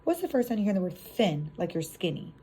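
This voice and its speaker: A young woman teaching a phonics lesson, stretching out sounds with animated classroom praise, then chatting casually to other teachers. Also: medium pitch, quick pace, a little hiss or hum.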